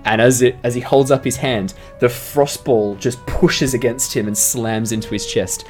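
A man's voice: mid-range voice, fairly even intonation, normal speed, soft background music. A man narrating as dungeon master, chatty and laughing often. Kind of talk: narrating a tabletop game.

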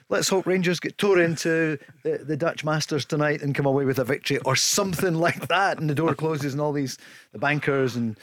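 A man hosting a radio football show, casual and jokey with brisk links. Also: fairly high pitch, fairly bright tone, no room sound, studio quality. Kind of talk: casual radio sports chat. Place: radio studio.

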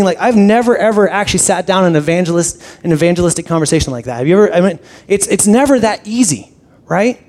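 A male pastor tells a personal story during a conversational sermon, speaking fast in a high voice. He's animated, often restarting sentences and repeating words.

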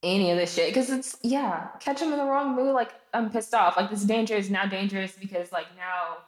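A woman in casual chat, relaxed and slangy, swearing freely. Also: mid-range voice, brisk. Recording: echoey room.

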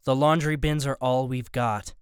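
A male audiobook narrator reading a first-person story in a steady, even voice. His tone is smooth and resonant, pitched in a plain middle range. The recording is close and bone-dry. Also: moderate pace, dry recording.

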